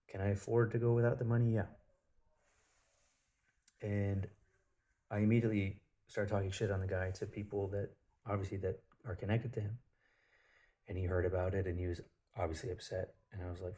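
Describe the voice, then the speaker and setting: A man's voice: lowish voice, flat delivery, fairly quick, long pauses, warm tone, highs cut off. A man telling a personal story in a casual spiritual monologue, blunt and profane, with lots of filler words.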